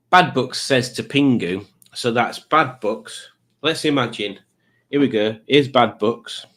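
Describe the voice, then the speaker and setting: A man's voice: medium pitch, fairly bright tone. A man in a mid-range voice hosts a live stream, reading chat messages aloud in a loose, rambling way. He drifts into dry little asides and fills gaps with ums and uhs. He talks close to a desk mic. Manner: rambling, wry asides with frequent fillers.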